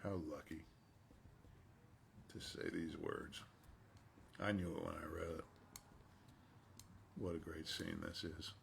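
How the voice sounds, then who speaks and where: A man's voice: deep voice, steady tone, slow, creaky, pauses often, slight background noise. A male voice actor chatting casually while signing autographs and talking to himself as he works.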